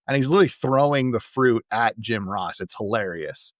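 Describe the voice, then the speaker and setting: A man's voice: mid-range voice, animated, normal speed, hardly any pauses, no room sound, clean studio sound. A man co-hosting a podcast, recapping an old wrestling show in a casual, amused way and laughing between points. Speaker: podcast co-host.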